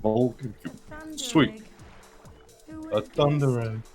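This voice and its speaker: A man's voice: medium pitch, sing-song, very slow, a little mellow, faint music behind. A man co-hosting a game playthrough in casual, playful chat, repeating words for laughs. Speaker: let's play co-host.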